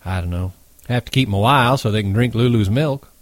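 A man reading aloud and voicing a dignified, unhurried ranch hand who speaks matter-of-factly. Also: on the low side, dry recording, natural voice. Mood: calm. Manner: calm, matter-of-fact.

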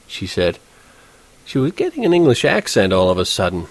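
A man's voice: fairly low pitch, big pitch swings, normal speed, dry recording. Wry conversational male narrator. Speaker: audiobook narrator. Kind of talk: first-person novel narration.

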